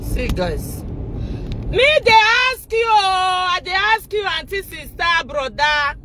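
A Nigerian woman vlogging loudly from inside a car, shouting and laughing as she rants in a casual pidgin-mixed style. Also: extremely high pitch, very animated, slow pace, a crowd in the background. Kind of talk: loud casual vlog rant.

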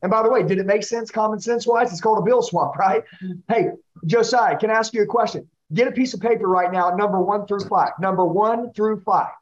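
A man with a high, pushing voice leads a sales training session. He coaches hard and keeps asking his trainee questions, and the audio is a little dull. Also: fast. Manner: intense, coaching, repeats the listener's name. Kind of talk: live sales training role-play.

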